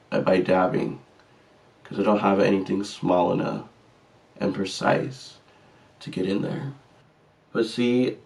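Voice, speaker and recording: The mic sits far from this vlogger, whose lowish voice has a creaky edge. He banters casually and with plenty of sass during a makeup tutorial, laughing at the mistakes he makes along the way.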